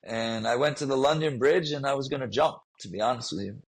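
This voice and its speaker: A man's voice: mid-range voice, fairly quick, breathy edge, rough recording. A man telling a personal story in a podcast interview, earnest and emotional, often repeating himself. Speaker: guest, fitness trainer.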